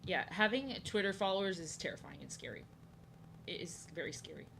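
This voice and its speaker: A woman's voice: lowish voice, lively intonation, brisk, creaky, a bit bright, slight background noise. A young woman streaming while she draws, chatting casually and rambling, repeating her phrases with lots of fillers. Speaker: art streamer.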